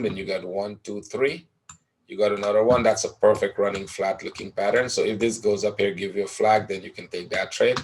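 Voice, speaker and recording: Guy doing a forex webinar, kinda low voice, chatty, clicks and typing in the back. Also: vocal fry, a little hiss or hum. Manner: conversational, explaining chart patterns, often tags "right?". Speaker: forex trading educator. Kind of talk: live trading webinar commentary over charts.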